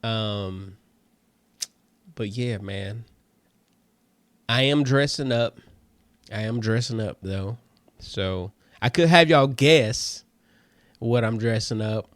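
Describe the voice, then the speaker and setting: A man's voice: lowish voice, slow, long pauses, no echo. A comedian hosting his own show, chatting casually and loosely to listeners with lots of fillers and calling them family. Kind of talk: casual solo chat to listeners.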